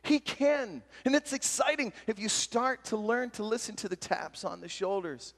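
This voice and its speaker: A man giving a talk at a retreat, telling personal stories in a lively, self-deprecating way with frequent laughs. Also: high-pitched, moderate pace. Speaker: retreat speaker. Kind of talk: storytelling sermon talk. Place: large hall at a retreat. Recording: long hall reverb from a live talk.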